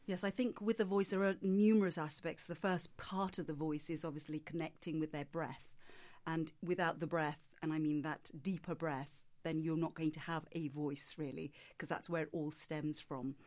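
A woman voice coach speaks in a measured, explanatory way, her voice sitting a little low for a woman. She answers questions at length and now and then demonstrates with her own voice. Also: fairly even intonation, a little mellow. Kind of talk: interview answers.

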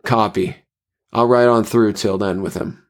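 A man voicing a calm, quiet male dream-diver who speaks low and subdued. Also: unhurried, natural voice.

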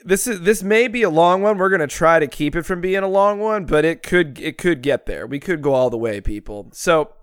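A man co-hosting a podcast in casual banter, crude and quick to get outraged. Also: on the high side, expressive, clean tone, dry recording, studio quality. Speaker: podcast co-host.

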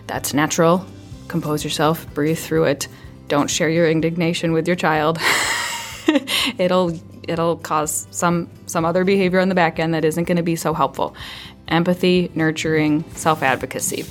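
A woman with a somewhat low voice explains child behavior as a parenting podcast guest. She speaks conversationally and often eases into a quiet, soothing register. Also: steady tone, moderate pace, soft background music. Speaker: early childhood mental health specialist. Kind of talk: podcast interview, advice.

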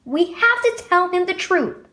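Woman doing a young girl, tearful, pleading, high lively voice, storybook reading. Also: unhurried, roomy sound, full character voice. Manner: sniffling, pleading.

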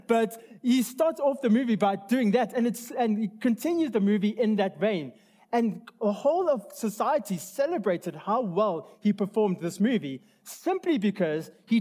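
High-voiced man preaching a sermon. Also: warm tone. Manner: earnest, conversational, with restarts and asides. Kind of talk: sermon with opening prayer.

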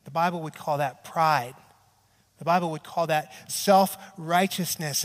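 A male pastor with a high voice, preaching a sermon in a chatty, storytelling way. He keeps checking in with the room and acts out short bits of dialogue. His voice rings with the long reverb of a large church hall. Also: unhurried. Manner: conversational preaching, tags lines with "right?", acts out quotes.

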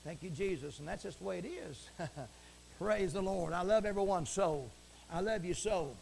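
A man preaching a fiery broadcast sermon from the pulpit, swinging from shouts to hushed asides and repeating stock phrases. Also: sits high, moderate pace, creaky, a little hiss or hum. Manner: repeats stock phrases like praise the Lord and it is written.

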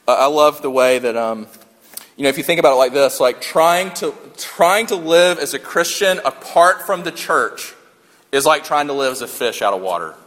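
A long hall reverb surrounds a man with a mid-range, fairly bright voice as he preaches conversationally. He repeats key lines for emphasis and jokes along the way.

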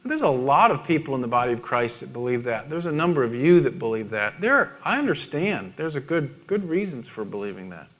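A middle-aged man preaching a sermon, halting and self-deprecating, with many restarts and small laughs. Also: mid-range voice, very animated, fairly bright tone. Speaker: pastor.

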